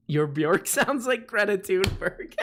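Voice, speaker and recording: A man's voice: high voice, expressive, takes it slowly, a bit bright, a little hiss or hum. A man hosting a casual live stream, rambling and laughing at himself as he reads requests. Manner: rambling, laughing, self-mocking. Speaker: streamer host.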